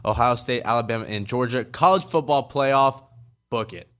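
A man's voice: mid-range voice, normal speed, a bit bright. A man co-hosting a sports radio show, reading listener text messages aloud in a plain way. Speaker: radio news and social media co-host.

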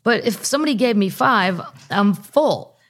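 On her podcast, a woman with a mid-range, expressive voice talks at a normal speed. She chats casually and reads the news aloud, dropping jokey asides in a comedic way.

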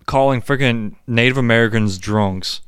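A man casually recapping a bad movie with lots of swearing, acting out characters' lines in silly high voices. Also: normal speed, a bit bright, clear, resonant tone, no echo, clean studio sound. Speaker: co-host reviewing a film.

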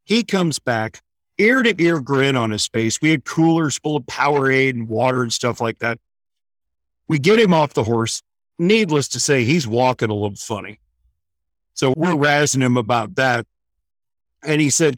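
A man tells a story in a relaxed, chatty way on air. He jumps into the people he quotes. The sound is dry and close, with no room echo. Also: medium pitch, moderate pace. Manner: animated storyteller, acts out quotes. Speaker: guest running horse programs for veterans.

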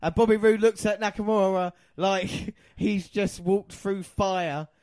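A man co-hosting a podcast, calling a wrestling match with swings from low mutters to loud excited shouts. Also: measured pace, no echo, studio quality. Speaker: podcast co-host.

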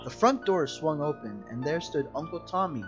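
A casual co-host reads scary internet stories aloud in an animated, mid-range voice at a moderate pace, with the highs cut off and music in the background. Giggly, he keeps interrupting himself to joke and laugh in this comedic reading.

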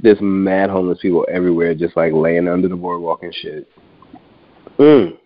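Low-voiced man telling stories, phone-thin sound. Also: normal speed, no echo, muffled recording. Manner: animated storyteller, acts out quoted people, swears freely. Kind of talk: casual chat.

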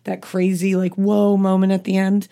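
A woman co-hosting a casual true-crime podcast, hoarse, with vocal fry, chatty and given to swearing. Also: mid-range voice, monotone, moderate pace, crowd noise. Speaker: podcast co-host.

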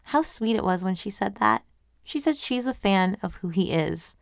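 A woman chatting casually through a recap of a webcomic episode, enthusiastic and quick to laugh. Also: medium pitch, animated, vocal fry, no echo, clean studio sound.

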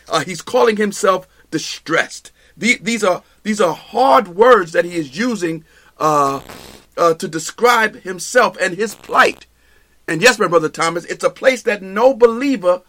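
High-voiced emphatic male Bible teacher. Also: a bit bright. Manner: repetitive, emphatic, restarts phrases; addresses listeners directly with "okay?". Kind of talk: live Bible study teaching.

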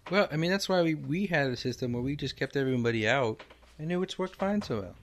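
A man voicing a deadpan, clannish male loon, tagging his lines with "eh?" in an improvised comedy interview. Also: fairly high pitch, quick pace.

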